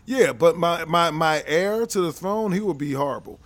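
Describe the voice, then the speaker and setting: A man's voice: a little high, lively intonation, normal speed, noisy background. A man co-hosting a podcast in casual chat, joking and rambling with frequent restarts. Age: adult, professional teacher. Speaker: podcast co-host.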